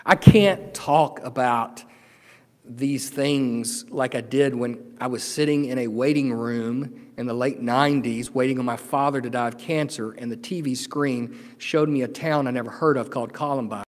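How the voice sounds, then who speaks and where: A middle-aged man preaching a sermon as pastor, earnest and emotional, swinging from loud declarations to hushed, tender moments. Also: medium pitch, normal speed. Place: church sanctuary. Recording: long hall reverb.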